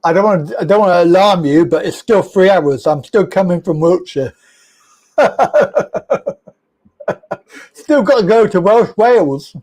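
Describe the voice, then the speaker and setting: High-voiced, laughing phone-in host. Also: male voice, normal speed, a little mellow. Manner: laughs often, jokey and teasing. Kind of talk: comedy phone-in banter.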